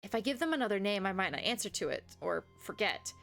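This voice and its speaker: A woman's voice: mid-range voice, fast talker, creaky, faint music behind. Chatty American woman reading a game aloud. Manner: chatty, giggly, reads game lines aloud with animated asides. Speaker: gaming streamer. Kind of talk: reading and commenting on a visual novel.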